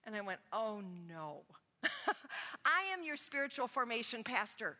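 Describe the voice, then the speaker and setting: A woman's voice: a little high, lively intonation, normal speed, pushed and bright. A woman pastor giving a sermon to her congregation, telling stories about herself with a conversational, self-deprecating manner. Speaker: spiritual formation pastor. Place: church sanctuary. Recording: long reverb of a large hall.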